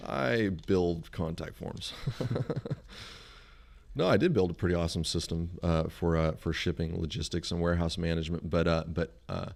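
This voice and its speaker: A man chatting on a podcast who tells stories with animated, exasperated rants. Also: low voice, moderate pace, gravelly. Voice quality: animated storyteller, ranting in exasperation. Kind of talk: casual chat.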